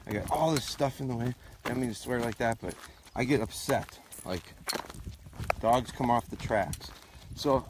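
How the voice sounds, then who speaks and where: Streaming live from a rural farm, this dog trainer has a mid-range voice and a moderate pace as he talks with viewers and snaps brief, firm commands at his dogs. The audio, from a phone or camera on a tripod, is noisy and outdoors.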